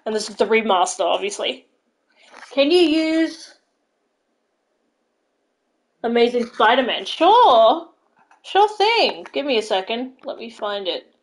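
A woman live-streaming a video game, chatting casually and gushing excitedly to her viewers. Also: fairly high pitch, slow pace, pauses often, poor audio. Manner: gushing, excitable, thanks followers. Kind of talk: casual live-stream chat while playing.

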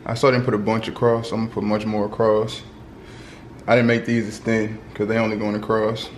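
A man's voice: lowish voice, monotone, fairly quick, noisy background. A young man chatting casually to the camera as he cooks in a home kitchen, talking straight to his viewers. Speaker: cooking vlogger.

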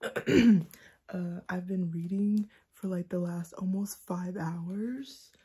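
A sleep-deprived woman in a book vlog, talking fast and giddy in a half-whisper, with a mix of Southern and Californian American accent. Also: fairly low pitch, dark tone, a little hiss or hum. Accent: mixed Southern and Californian American. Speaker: book vlogger. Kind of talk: excited early-morning book chat.

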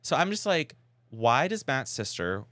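A podcast co-host tells a story in a loose, chatty way. His pitch swings up and down as he acts out quoted texts and reactions. His voice sits close to the mic in a dry room. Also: very animated, a little slow, a bit bright, dry recording. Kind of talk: casual chat.

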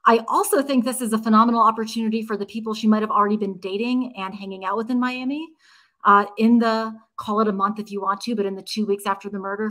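A woman giving legal commentary as a panel guest, laying out her points briskly one by one. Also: medium pitch, fairly even intonation, fairly bright tone.

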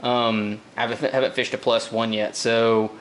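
A man chatting casually as he unboxes fishing gear, relaxed and rambling, with lots of fillers and repeated words. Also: medium pitch, normal speed, a little hiss or hum. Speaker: fishing vlogger. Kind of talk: casual tackle unboxing talk.

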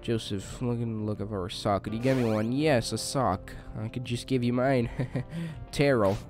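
A man's voice: medium pitch, normal speed, soft background music. A young man giving casual let's play commentary, chatting along and yelping in panic whenever his character is attacked. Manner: excitable, yelps and shrieks when attacked. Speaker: gaming YouTuber.

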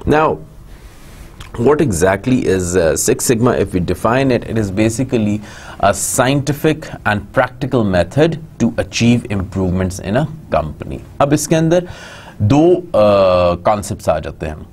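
A man's voice: lowish voice, lively intonation, fairly quick, darkish tone, husky. A man with a Pakistani English accent giving a recorded university lecture, mixing Hindi-Urdu and English with frequent "uh" fillers.

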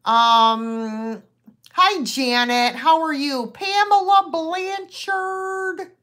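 This middle-aged woman hosting a live online sale draws out her words in a very high-pitched voice. She chats casually and rambles, sprinkling in fillers and warmly greeting viewers by name.

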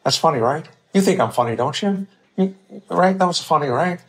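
A man's voice: fairly high pitch, lively intonation, a little fast, pitched above the performer's own voice. A man voicing an insecure male stockbroker who keeps asking for approval. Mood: needy. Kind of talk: comic impression in interview.

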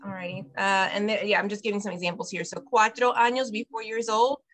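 A woman directing an online Spanish class for parents, upbeat and patient, modeling each phrase slowly over a video call. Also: mid-range voice, fairly even intonation, a bit bright, soft background music. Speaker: bilingual preschool director teaching parents.

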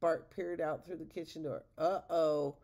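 A woman reading a picture book aloud to listeners, in a gravelly voice. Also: fairly low pitch, moderate pace, warm tone. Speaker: storybook reader.

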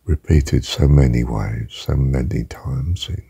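Deep gravelly older man preaching slowly. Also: no room sound. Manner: emphatic, slow and deliberate, drops to a hushed whisper. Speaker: religious teacher. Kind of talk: spiritual talk.

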